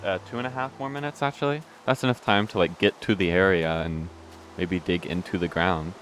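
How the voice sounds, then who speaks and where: A young man with a deep, steady, slightly bright voice rambles quickly through casual let's play commentary while hiccuping. He keeps restarting sentences and swears offhandedly, over a faint hiss or hum.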